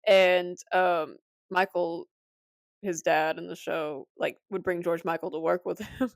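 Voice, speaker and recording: A woman's voice: fairly low pitch, a little slow, vocal fry, no echo. A woman co-hosting a casual podcast, retelling scenes with lots of laughter and playful put-on voices. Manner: animated storyteller, laughs often, acts out quotes. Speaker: podcast co-host. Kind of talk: casual chat. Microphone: cheap desk mic.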